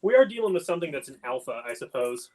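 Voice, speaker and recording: A man's voice: mid-range voice, big pitch swings, quick pace, heavy background noise. A man playing a board game online, chatting casually and telling jokes over an online call. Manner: joking, chatty storyteller. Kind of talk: casual game-stream chat.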